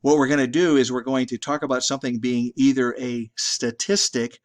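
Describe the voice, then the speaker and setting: A man's voice: medium pitch, level tone, a little fast. A middle-aged man teaching a statistics class in a conversational lecture, often repeating and restarting words. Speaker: statistics instructor. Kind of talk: recorded lecture.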